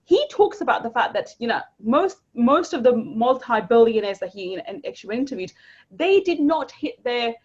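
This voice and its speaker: A woman speaking as a guest coach in a casual interview, animated, often repeating words and jumping higher for emphasis, on a dull lo-fi recording. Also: moderate pace, breathy edge. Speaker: guest, money mindset coach. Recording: dull lo-fi sound.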